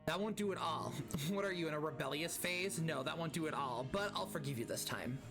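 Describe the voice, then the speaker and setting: Picture a teasing, drawling woman drifter of middle age, nursing a sore back and sizing people up with sly humor, as a man reads her lines aloud. The voice sits a bit high, and game music plays clearly underneath. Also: fairly quick, close to an everyday voice. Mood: playful. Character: sly folksy middle-aged woman wanderer, backache.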